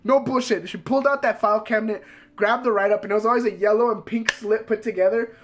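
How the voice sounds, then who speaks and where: High-voiced man telling a heated story. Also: steady tone, fast talker, a bit bright, a little hiss or hum. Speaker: streamer. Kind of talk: casual storytelling.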